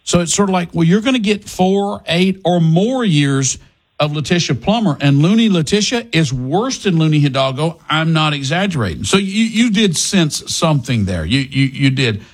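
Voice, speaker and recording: Animated radio talk host. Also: male voice, on the high side, normal speed. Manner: jokey, animated, restarts sentences. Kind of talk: casual radio call-in chat.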